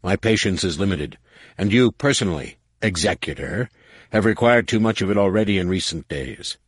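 A man voicing a stern, menacing alien male war master with a rasping, growling delivery. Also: sits low, expressive, moderate pace, no room sound, clean studio sound, voice pushed up. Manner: curt, threatening.

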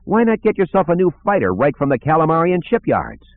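A man voicing a cocky, smooth-talking male gambler who teases with sarcasm. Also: fairly high pitch, big pitch swings, brisk, pitched above the performer's own voice. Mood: needling, cocky. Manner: teasing, sarcastic, self-assured. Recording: narrow phone-like sound.

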